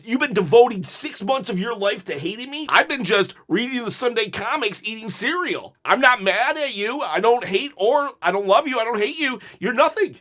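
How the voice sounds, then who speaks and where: A man hosting a casual reaction commentary, animated, laughing often and mimicking the lines he quotes. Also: extremely high pitch, normal speed, hardly any pauses. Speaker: channel host reacting to clips.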